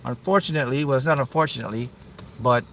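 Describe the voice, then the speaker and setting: A man's voice: medium pitch, quick pace, creaky, a bit bright, a little hiss or hum. A man hosting a motivational livestream, talking emphatically and repeating himself to pump up his viewers. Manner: emphatic, repetitive, pumping up viewers. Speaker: manifesting coach hosting a livestream.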